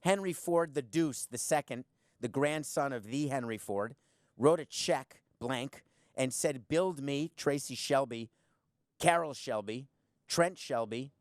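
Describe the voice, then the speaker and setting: Hosting his own podcast alone, a man delivers opinionated commentary in a blunt, sarcastic way, stacking up rhetorical questions. His voice is an ordinary middle pitch, a little slow, and the sound is dry and close with no echo or room.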